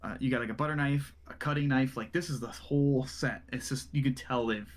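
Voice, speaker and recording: A man's voice: mid-range voice, steady tone, fairly quick. A man narrating a tabletop game as game master, loose and full of fillers. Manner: loose, rambling, with many fillers.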